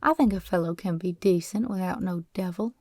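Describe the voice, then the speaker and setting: A woman's voice: lowish voice, a little fast, darkish tone, no room sound, studio quality. A woman voicing a proud, poor teenage ranch boy who talks in a rustic country drawl. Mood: earnest.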